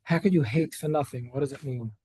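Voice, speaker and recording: A man's voice: mid-range voice, fast, mellow, slightly rough. An earnest man leading a religious workshop in a study hall, often restarting his phrases. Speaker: workshop leader. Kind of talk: Torah workshop lecture. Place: study hall with online attendees.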